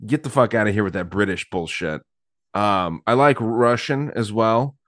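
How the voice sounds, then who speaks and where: A man's voice: fairly low pitch, moderate pace, a bit bright, no echo, clean studio sound. A man co-hosting a podcast, laid-back and blunt in casual chat. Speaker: podcast co-host.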